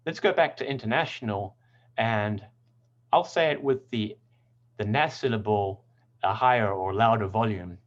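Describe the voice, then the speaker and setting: A man teaching English pronunciation, speaking in clear, deliberate tones and carefully sounding out example words. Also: fairly low pitch, muffled recording. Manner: clear, deliberate word demonstrations. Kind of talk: scripted lesson narration.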